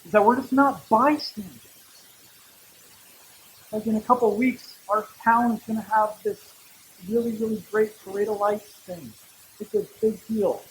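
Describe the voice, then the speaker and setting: A middle-aged male pastor giving a sermon in a church, talking in a relaxed, conversational way with humorous asides. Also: high voice, normal speed, long pauses, slight background noise, low-quality recording.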